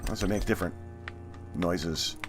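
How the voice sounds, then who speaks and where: A man's voice: sits low, moderate pace, music in the background. A man hosting a let's play, giving casual gameplay commentary with chatty, half-muttered asides.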